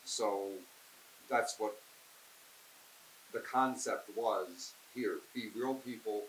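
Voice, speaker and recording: A man's voice: fairly low pitch, drawn-out words. A man, a theater director, explaining his show in an easygoing way in an interview. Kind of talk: casual interview. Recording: echoey room with faint hiss.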